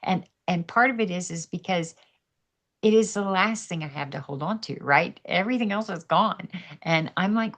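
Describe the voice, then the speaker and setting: A middle-aged woman sharing a personal faith testimony on a podcast, earnest and animated, acting out her own inner dialogue. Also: on the low side, moderate pace, creaky.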